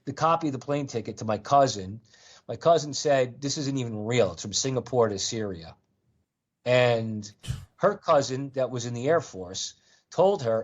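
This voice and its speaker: A man's voice: medium pitch, dull audio. A middle-aged man on a call-in show, telling a long personal story in an earnest, rambling way full of restarts and fillers. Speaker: call-in guest. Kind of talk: storytelling in conversation.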